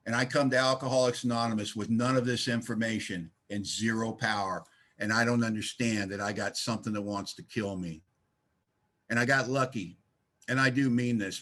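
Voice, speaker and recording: A man's voice: on the low side, a bit bright. A man giving an emphatic, folksy share at a recovery meeting, telling his story with blunt humor over a video call. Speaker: speaker sharing recovery story.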